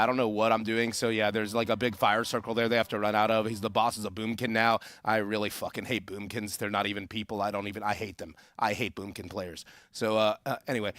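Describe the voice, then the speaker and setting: A man's voice: on the low side, level tone, a little fast, fairly bright tone, faint music behind. A man on a live stream, talking casually and loosely, joking and swearing. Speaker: co-caster.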